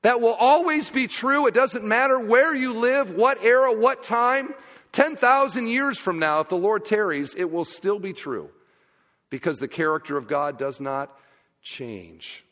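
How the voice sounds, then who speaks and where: A man preaching a sermon as pastor, emphatic and swinging between loud and quiet. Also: high voice, animated, a little slow, in a large hall.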